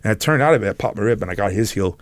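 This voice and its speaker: A middle-aged man with a low, deep voice tells a long story as a podcast guest. He talks in halting bursts, restarts his sentences, and slips into the voices of the people he quotes. The sound is dry and close, with no room echo. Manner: halting, animated storyteller who acts out quotes. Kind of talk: casual storytelling interview.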